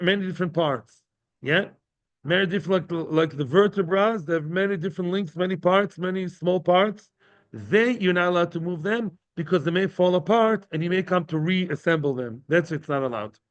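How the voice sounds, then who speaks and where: Male Talmud teacher, high pitch, live class in a study hall, repeats and checks in with listeners, dull recording. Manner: translates each phrase and repeats himself, checking in with "yeah?".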